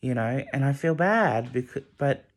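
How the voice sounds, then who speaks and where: A young man vlogging a late-night rambling monologue, emotional and halting, often restarting his sentences. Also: mid-range voice, lively intonation. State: emotional, close to tears.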